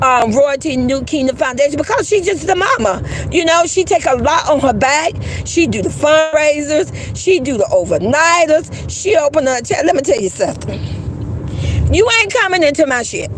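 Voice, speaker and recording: A high-pitched woman hosts a casual livestream chat. She talks bluntly and swears freely while greeting viewers. A faint hum of background noise sits under her voice. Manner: blunt, profane, laughing, reads chat aloud. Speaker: livestream host.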